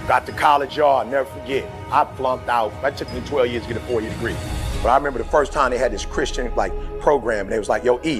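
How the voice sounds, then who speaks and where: A man's voice: high voice, gravelly, a bit bright. A middle-aged man from Detroit, giving a fiery, slangy motivational speech full of stories. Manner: fiery, preachy, slangy storytelling. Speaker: motivational speaker. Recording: faint music underneath.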